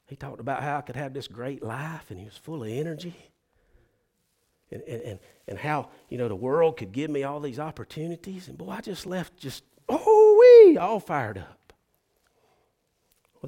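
A man, a pastor telling a story in a sermon and acting out its people with sudden loud, high bursts.

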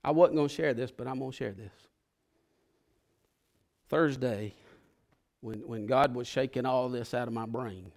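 A man preaching a sermon in an emotional, conversational way, moving from hushed confession to fervent pleas. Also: medium pitch, a little slow, creaky, pauses often. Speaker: pastor.

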